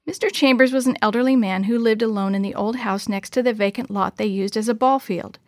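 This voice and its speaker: Gentle woman reading to children. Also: fairly high pitch, fairly quick, dry recording, studio quality. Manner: gentle, expressive, child-directed. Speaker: storyteller. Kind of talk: children's story read-aloud.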